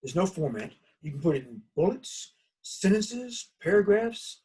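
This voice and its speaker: A man's voice: high-pitched, a little slow, breathy edge, far from the mic. A man with a Southern US accent giving a recorded college course lecture in a folksy, conversational way. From United States. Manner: folksy, conversational, animated storytelling. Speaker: college instructor.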